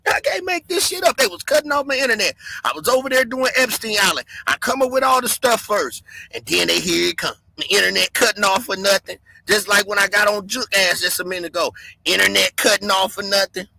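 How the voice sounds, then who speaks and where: A man with a very high, bright, husky voice rants on a livestream. He shouts, drops to mutters and cackles. His close, dry mic has no room sound. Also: brisk, no room sound, low-quality recording. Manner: loud, excitable, swings between shouting and mumbling, laughs often. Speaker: livestream host. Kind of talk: animated livestream rant.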